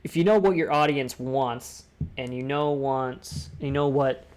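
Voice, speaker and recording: A man's voice: medium pitch, unhurried, a little mellow, smooth. Rambling young man on public speaking. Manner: rambling, with restarts and asides. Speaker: discord talk host. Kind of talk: casual talk on public speaking.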